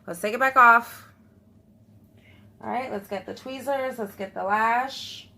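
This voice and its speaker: A woman's voice: on the high side, measured pace, creaky, bright, forceful tone. A young woman chatting to her viewers while trying something new at home, nervous, laughing often and talking straight to the camera. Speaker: vlogger. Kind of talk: casual beauty vlog chat.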